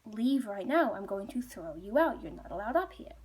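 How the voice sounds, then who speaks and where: A woman's voice: medium pitch, big pitch swings, moderate pace, darkish tone, husky. A woman storyteller voicing a dim, fearless young farmer's son in a blunt, breezy, casual way.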